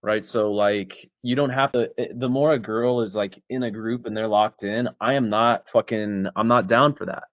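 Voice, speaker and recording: A man's voice: fairly low pitch, steady tone, normal speed, hardly any pauses, dry recording, muffled recording. A man coaching on casual talk, swearing freely and acting out both sides of bar conversations. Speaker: dating coach. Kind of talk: casual coaching chat with role-played examples.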